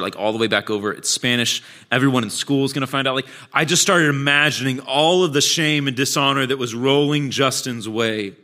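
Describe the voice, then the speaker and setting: A man's voice: medium pitch, sharp tone. A man, a pastor, giving a sermon with candid, self-deprecating storytelling. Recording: long church hall reverb.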